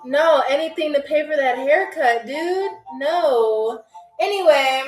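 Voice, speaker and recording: A woman's voice: high-pitched, slow. A woman hosting a live-streamed game show, playful and teasing as she talks straight to her chat. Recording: echoey room with faint music.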